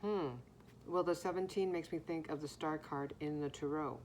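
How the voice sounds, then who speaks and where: A woman giving an intuitive tarot card reading to viewers, reflective, pausing often and humming softly to herself. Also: low voice, steady tone, slight background noise. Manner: slow, reflective, pausing, soft hums.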